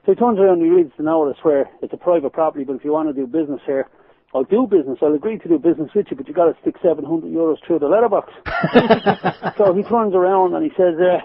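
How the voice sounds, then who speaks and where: Irish male guest, lively storyteller, talks fast, calling in over a phone line. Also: fairly high pitch, slight background noise. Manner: animated storyteller, laughs while telling anecdotes. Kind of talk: phone-in radio interview. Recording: tinny phone line, dry.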